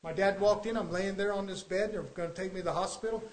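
A male preacher with a slightly higher voice delivers a fervent sermon. He drops into quiet, confiding asides, then swells into loud exhortation. He tells stories in a down-home, colloquial manner. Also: fairly even intonation, fast talker, low-quality recording. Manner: folksy, colloquial storytelling.

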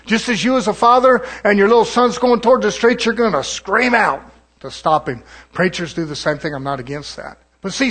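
A man's voice: sits high, a bit bright. A man, a pastor, preaching a folksy, conversational sermon and sometimes mimicking other preachers.

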